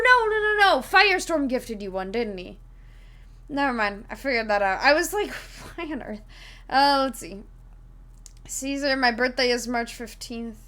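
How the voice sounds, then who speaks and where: A woman's voice: high voice, fairly bright tone. A woman streaming live, chatting casually with viewers in a rambling way, giggling and full of fillers while she explains a tabletop game.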